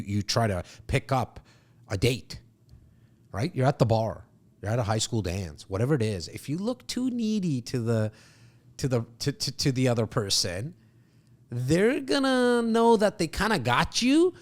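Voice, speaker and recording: A man in his fifties, a sales coach, talking emphatically to an audience and acting out what clients think. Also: medium pitch. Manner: animated, emphatic, acts out clients' thoughts. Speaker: real estate sales coach.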